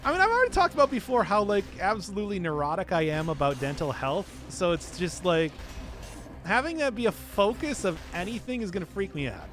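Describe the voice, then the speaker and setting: A man's voice: sits high, big pitch swings, fairly quick, a bit bright, soft background music. A young man streaming a video game, chatting casually, answering chat and laughing at himself often. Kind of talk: casual gameplay commentary.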